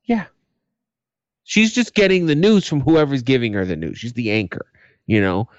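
Male podcast co-host, lively and profane, dull lo-fi dry sound. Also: mid-range voice, normal speed, no room sound. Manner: profane, emphatic. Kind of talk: casual chat.

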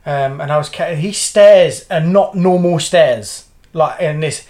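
A man's voice: on the high side, a little slow, darkish tone. A middle-aged man tells long, meandering stories in a casual podcast chat. He swears freely and loses his thread often, circling back with "right?" as he goes. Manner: rambling storyteller, swears freely. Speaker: podcast co-host.

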